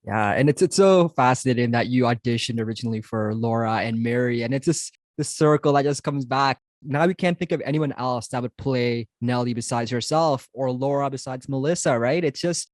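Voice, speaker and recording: A man's voice: mid-range voice, brisk, few pauses, a little mellow, no echo, studio quality. A man hosting a podcast interview, reading earnest prepared introductions and questions. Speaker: podcast host.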